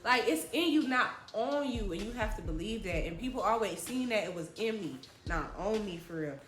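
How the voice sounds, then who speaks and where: A woman's voice: medium pitch, animated, normal speed, fairly bright tone. A young woman telling a dramatic, slangy story from her childhood in a vlog. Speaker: vlogger. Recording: echoey room with faint music.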